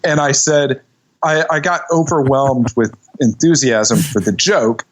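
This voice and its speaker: A man's voice: medium pitch, unhurried, low-quality recording. A man on a podcast as a guest, telling a self-deprecating story in casual chat.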